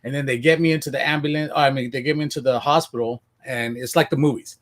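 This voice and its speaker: A man from Washington State telling his life story as a podcast guest, casual and animated, acting out what he said back then. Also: medium pitch, quick pace. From Washington State, USA. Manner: animated, acts out his own past voice.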